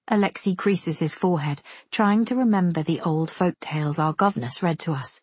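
A woman reading a first-person story aloud with measured, intimate storytelling. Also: fairly low pitch, breathy edge, no echo. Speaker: audiobook narrator. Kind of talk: first-person audiobook narration.

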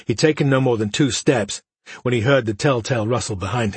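A man narrating a fantasy story as an audiobook, measured and dramatic, often dropping to a hush. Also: mid-range voice, slightly rough, dry recording.

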